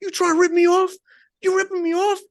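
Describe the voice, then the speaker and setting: A man voicing an angry, hulking male bond trader who yells aggressively in someone's face. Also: very high voice, flat delivery, fairly quick, voice pushed up. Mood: furious yelling. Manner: shouting, aggressive.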